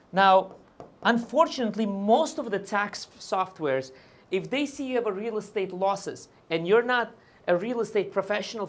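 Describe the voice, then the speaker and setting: A man's voice: high voice, fairly bright tone. A man hosting a live question-and-answer stream as a tax advisor, talking casually and often checking in with "right?" and "okay?" while hedging on fine details. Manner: hedges on details. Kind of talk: live Q&A explainer.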